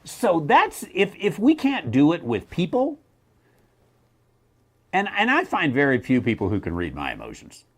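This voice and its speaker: A middle-aged man talks through a question as a theologian in a loose, unscripted way. His pitch swings wildly from low mutters to high, mocking squeaks. He sounds wry and animated. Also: normal speed. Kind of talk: casual teaching talk.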